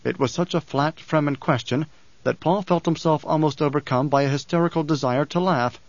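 A male narrator reads with a measured, dramatic delivery, his voice a touch high for a man. The recording is dull and muffled, with a dry, close sound and no room. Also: no room sound. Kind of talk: audiobook narration.

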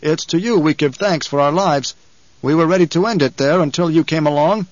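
A man voicing a tall desert dweller who speaks in stern, old-fashioned phrases, raised in pitch and volume above his narration. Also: brisk, no echo, dull audio, natural voice.

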